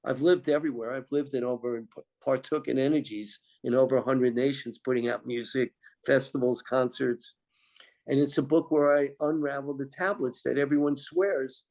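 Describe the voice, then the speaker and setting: A man telling spiritual stories in a meandering, animated way as a guest. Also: medium pitch, normal speed. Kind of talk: rambling spiritual storytelling.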